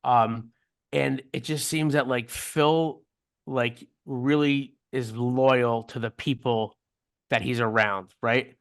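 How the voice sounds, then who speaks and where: A man hosting a podcast, chatting casually with a halting, affirming manner full of restarts. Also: mid-range voice, steady tone, clean tone, no room sound, clean studio sound. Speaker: podcast host. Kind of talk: casual interview chat.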